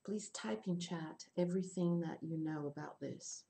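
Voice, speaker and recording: Low, mellow-voiced woman teaching a class. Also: gravelly, slight background noise. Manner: explains slowly, repeats and rephrases words. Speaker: English teacher. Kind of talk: online class lesson.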